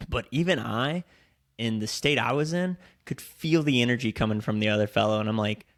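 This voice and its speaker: Young guy with a gravelly voice, podcast cohost, just telling loose stories and cussing. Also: mid-range voice, fairly quick. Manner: storytelling with lots of swearing and acted-out quotes. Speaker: podcast co-host. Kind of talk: casual chat.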